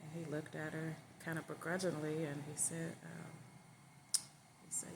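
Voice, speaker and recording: A woman telling a story aloud in a relaxed, conversational way. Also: low voice, a little slow, creaky, background noise. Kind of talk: casual spoken storytelling.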